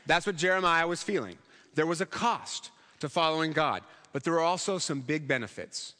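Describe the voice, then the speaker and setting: A man's voice: on the high side, normal speed, bright, forceful tone, in a large hall. A man preaching a sermon in a church, conversational and humorous, acting out quotes along the way. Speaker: pastor.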